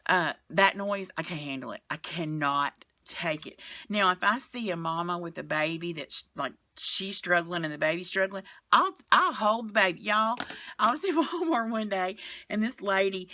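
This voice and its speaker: Lady in her 40s-50s rambling on her bed to a phone cam, dry close sound, kinda low voice. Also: pushed and bright, dry recording. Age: middle-aged. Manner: rambling, frank, sighs and trails off. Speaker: vlogger. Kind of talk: casual chatty vlog. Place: bedroom, sitting on the bed.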